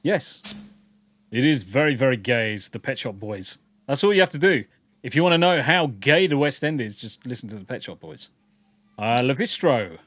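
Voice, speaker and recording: A man of middle pitch on a close, dry podcast mic, reading viewer comments aloud and tossing out offhand, wry reactions. His delivery is loose and conversational, with no room sound around him. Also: very animated, normal speed, fairly bright tone, no echo. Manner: reads out viewer comments and riffs on them drily. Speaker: podcast co-host reading chat messages. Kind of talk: casual chat.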